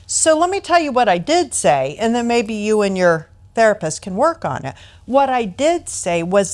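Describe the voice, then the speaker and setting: A woman's voice: medium pitch, very animated, moderate pace. A middle-aged American woman leading a training session, explaining points through family anecdotes and acting out the quoted voices. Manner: storytelling, acts out quoted voices.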